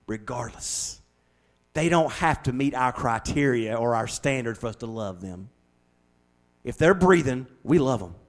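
A middle-aged American man preaching a sermon as pastor, in a folksy, animated way that swings from loud to hushed. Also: mid-range voice. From United States.

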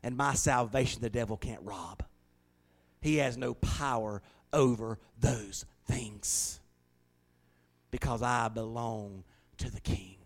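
A middle-aged man preaching a sermon, telling folksy stories that swing from hushed to loud. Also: medium pitch, takes it slowly. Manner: folksy storytelling, shifting from hushed to shouting. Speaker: pastor.

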